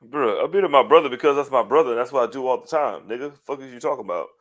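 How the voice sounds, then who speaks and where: A man's voice: mid-range voice, lively intonation, racing, fairly bright tone. A man co-hosting a wrestling podcast, joking loosely with friends and laughing often. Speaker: podcast co-host. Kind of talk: casual wrestling chat.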